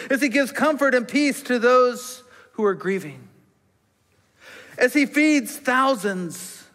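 A man preaching a sermon with emphatic rises that drop to a hushed near-whisper on key words. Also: very high voice. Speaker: pastor. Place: church sanctuary. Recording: long church reverb.

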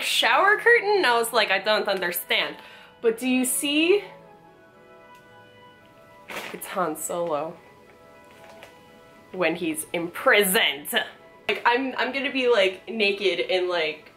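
A woman vlogger opening fan mail at home, gushing and excitable, swearing casually, recorded with roomy echo. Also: a little high. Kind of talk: casual chat.

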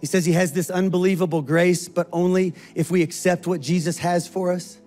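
High-pitched guy pastor preaching easter, acts out the voices, faint music in the back. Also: a little fast. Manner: animated, acts out quoted voices. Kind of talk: sermon.

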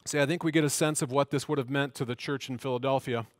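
A man's voice: medium pitch, steady tone, quick pace, no room sound. A man preaching a sermon as pastor of a church, earnest, with emphatic repeats and questions.

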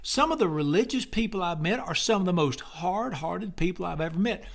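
A middle-aged man preaches in a fervent, homespun way. His voice sits a little high for a man, and he bursts into loud exclamations between plain, conversational stretches. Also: animated, brisk, creaky. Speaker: pastor. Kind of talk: sermon.

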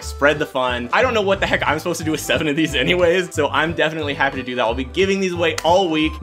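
Excitable guy narrating his game video, voice jumps all over, faint music behind. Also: fairly high pitch. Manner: excitable, laughs often, rapid exclamations. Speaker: gaming YouTuber. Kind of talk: excited gameplay commentary.

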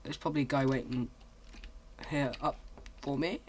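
A British man commentating his own video game play, rambling and hesitant, breaking into excited yelps. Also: medium pitch, moderate pace, slight background noise. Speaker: gaming channel host.

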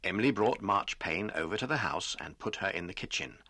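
Low husky man narrating a storybook. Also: lively intonation, a little fast. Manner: gentle storytelling, acting out quoted lines.

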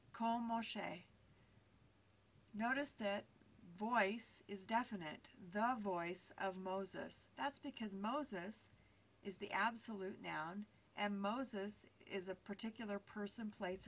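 A woman teacher talks through a recorded grammar lesson over slides at a mid-range pitch, patient and methodical. She pauses on fillers as she explains each point step by step. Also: a bit bright.

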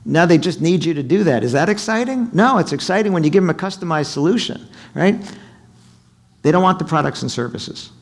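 Middle-aged male keynote speaker, lively, quizzes the crowd, fairly high voice. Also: a little fast, gravelly. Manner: animated, asks the audience questions, acts out quotes. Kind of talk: sales seminar talk. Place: hotel conference room.

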